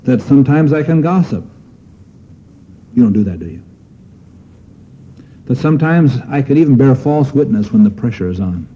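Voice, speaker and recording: A man delivers a sermon in a husky, mellow voice. He is earnest, puts questions to his listeners and pushes up on the key phrases. The recording sounds muffled and lo-fi. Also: mid-range voice, animated, moderate pace, long pauses. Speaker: preacher.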